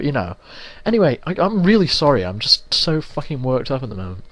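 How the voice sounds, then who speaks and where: A man's voice: medium pitch, very animated, a little fast, hardly any pauses, a bit bright, dry recording. A young man from England giving casual, sweary, ranting commentary while playing a video game. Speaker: let's play gamer.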